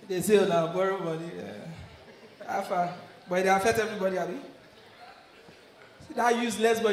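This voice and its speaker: Loud Nigerian comedian, echoey stage. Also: male voice, sits high, a little hiss or hum. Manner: loud, laughing, mixes Nigerian Pidgin with English. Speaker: stand-up comedian. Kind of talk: live stand-up with crowd work. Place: live comedy venue. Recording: echoey live room, faint ambience.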